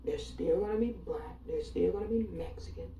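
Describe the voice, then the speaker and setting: A woman's voice: on the low side, normal speed, creaky, dark tone, roomy sound, recorded from a distance, a little hiss or hum, low-quality recording. A woman from Alabama giving an emphatic, sarcastic and defiant monologue, repeating her points for effect. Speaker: online commentator.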